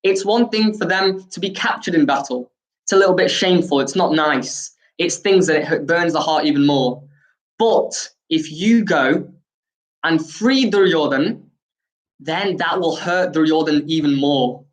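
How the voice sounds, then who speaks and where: A man doing a calm, principled king. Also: a little high, reverberant, close to an everyday voice, poor audio. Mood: earnest. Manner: measured, reasoning, earnest. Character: calm wise elder-brother king, principled.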